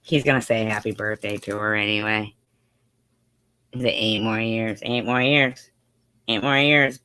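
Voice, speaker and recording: A man's voice: lowish voice, fairly even intonation, measured pace, pushed and bright, smooth, no echo. A man reading out and mocking a livestream chat in a sarcastic, heavily profane way. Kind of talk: casual livestream commentary.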